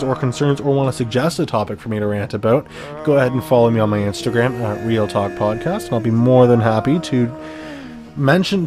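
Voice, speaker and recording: A young man from Canada hosting his own podcast, ranting bluntly with heavy swearing and frequent restarts. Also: medium pitch. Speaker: podcast host. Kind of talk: solo podcast rant.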